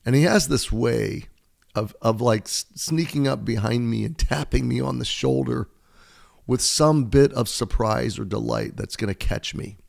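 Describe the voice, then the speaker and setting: A man in his fifties, an American devotional Bible teacher, giving an earnest, heartfelt, unhurried talk and reading aloud. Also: mid-range voice, creaky. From United States. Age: 50s.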